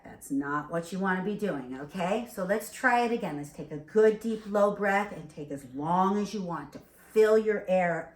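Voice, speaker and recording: A woman teaching a beginner singing lesson, explaining and demonstrating warm-ups, checking in with a frequent "okay?". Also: fairly low pitch. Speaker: vocal coach. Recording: echoey room.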